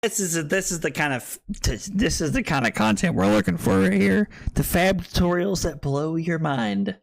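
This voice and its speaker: A man's voice: on the high side, big pitch swings, normal speed, gravelly. A tipsy man streaming a card game, joking, laughing and swearing with his chat. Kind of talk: casual livestream chat over a card game. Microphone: streaming microphone.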